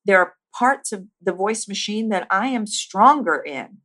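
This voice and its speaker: A woman teaching about speaking as a voice coach. She talks emphatically, stacks lists with rising force and slows down with deliberate pauses on her key points. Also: medium pitch, animated, sharp tone. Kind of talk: teaching monologue.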